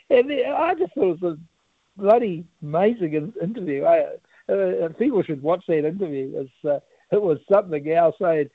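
A man's voice: high voice, lively intonation, moderate pace, no room sound. A man with a New Zealand accent, a politician calling in to a radio interview, rambling and laughing often, with lots of fillers. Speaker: politician guest, campaign director. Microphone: phone. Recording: tinny phone line, dry.

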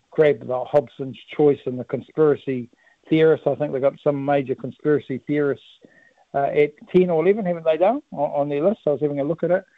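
A man's voice: a little high, no room sound. A man with a New Zealand accent, a politician calling in to a radio interview, rambling and laughing often, with lots of fillers. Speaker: politician guest, campaign director. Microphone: phone. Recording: tinny phone line, dry.

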